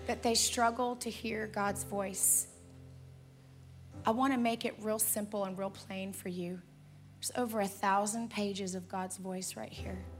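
A woman's voice: mid-range voice, a bit bright. A woman pastor preaching in a church and leading the congregation in prayer, earnest and drawn out on key words. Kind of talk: sermon with altar call and prayer. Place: church auditorium, also streamed online.

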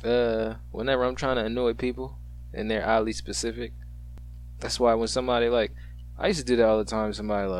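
A man's voice: fairly low pitch, level tone, fast talker. A man co-hosting a podcast, laid-back and joking, with lots of slang and easy laughter. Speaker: podcast co-host. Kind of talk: casual chat.

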